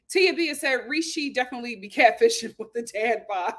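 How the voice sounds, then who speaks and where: A woman's voice: sits high, expressive, moderate pace, few pauses. A woman hosting a casual reality TV recap and reading viewer comments, opinionated and talking straight to her audience. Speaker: host.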